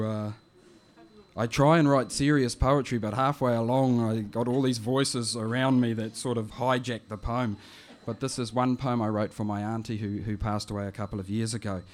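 A man reading his poetry and introducing it in a quiet, gentle, reflective way. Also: mid-range voice, fairly even intonation, normal speed, slight background noise. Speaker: poet.

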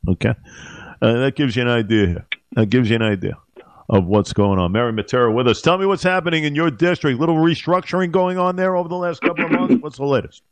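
A man's voice: mid-range voice, fast, no room sound. A man hosting a radio talk show, talking in a hesitant, filler-heavy, teasing way.

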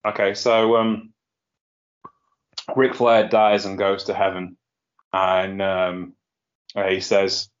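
A man's voice: low-pitched, level tone, slow, pauses often. A man hosting a casual podcast, chatty and rambling, often laughing at his own jokes. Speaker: podcast host. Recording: lo-fi muffled sound.

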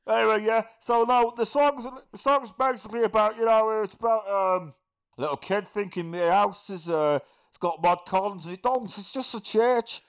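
A cranky God, just woken in a box, grumbles and swears as a man puts on the voice. It sits high and gravelly, blokey and put out. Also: normal speed. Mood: grumpy.

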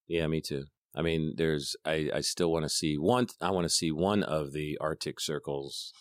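A man's voice: rumbling low, steady tone, moderate pace, dry recording. A middle-aged man hosting a podcast, teasing and swearing in dry banter. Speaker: podcast host. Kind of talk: casual chat.

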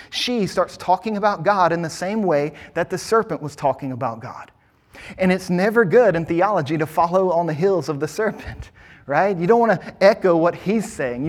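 Male pastor, fairly high voice, sermon delivery, emphatic with rhetorical questions.

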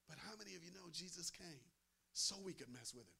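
A man's voice: high-pitched, a little fast, creaky, pushed and bright, breathy edge. Emphatic man preaching a sermon. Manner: emphatic, repeats phrases, asks the crowd "amen?".

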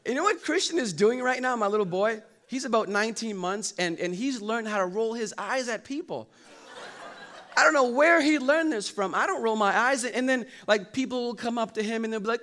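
A young male pastor gives a lively, joking sermon and acts out every quote he tells. His voice sits high and sounds bright and forceful. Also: brisk. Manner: animated storytelling, acts out quotes and jokes. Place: church hall.

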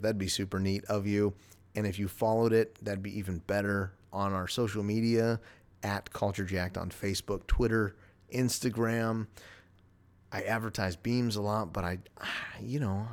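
A man's voice: fairly low pitch, gravelly. A man hosting his own podcast alone, rambling casually with wry, self-deprecating asides. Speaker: podcast host. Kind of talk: casual solo podcast monologue.

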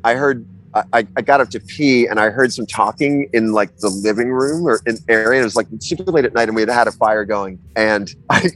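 A man in a casual chat, telling an animated story full of swearing and restarts. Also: mid-range voice, fairly quick.

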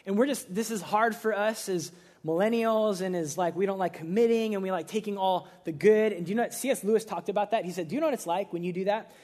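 Young man, pastor, casual sermon, high-pitched voice, conversational, animated. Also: fast talker. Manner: casual, animated preaching with playful mock-quotes.

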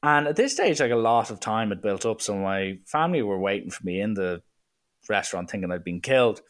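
A young man telling a funny anecdote in a casual, animated way, slipping into voices now and then. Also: fairly low pitch, brisk. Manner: lively, animated, breaks into voices. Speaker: storyteller.

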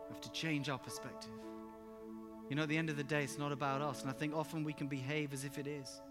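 Emphatic high-voiced preacher. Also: male voice, fast talker. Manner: emphatic, animated storyteller, rising to loud exclamations. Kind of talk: sermon with personal storytelling. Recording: reverberant hall with music underneath.

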